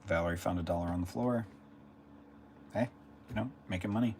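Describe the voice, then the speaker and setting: A deep-voiced man rambles on his live stream, chatting loosely and answering viewers in chat. He speaks casually from a room at home, with faint hiss behind him. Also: a little fast, darkish tone.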